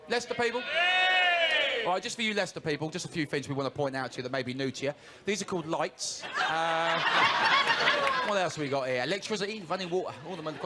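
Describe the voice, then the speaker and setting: A man with a high-sitting voice warms up a TV studio audience with cheeky, teasing jokes, lively and playful in his patter. The recording is noisy with the studio crowd, who laugh and cheer in the background.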